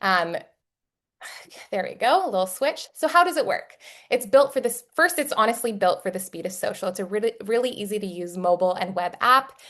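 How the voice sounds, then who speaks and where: A woman's voice: medium pitch, lively intonation, a little fast, a bit bright. A woman with a Texan accent hosting a webinar over a video call, bubbly and chatty, with plenty of fillers. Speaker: webinar host.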